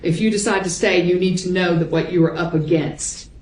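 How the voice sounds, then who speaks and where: A woman prosecutor reading messages and timestamps aloud into the court record in a measured voice. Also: on the low side, fairly even intonation, a little mellow. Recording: echoey courtroom audio.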